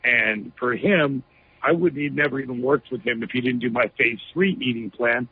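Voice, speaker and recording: A man's voice: mid-range voice, moderate pace, husky. A man being interviewed, telling a story emphatically with lots of "you know" fillers over a phone line. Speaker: interview guest.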